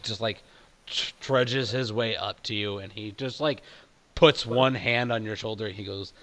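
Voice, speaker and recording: A man's voice: lowish voice, normal speed, sharp tone. A man running a tabletop game who narrates loosely, with many fillers and a lot of laughing. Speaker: game master.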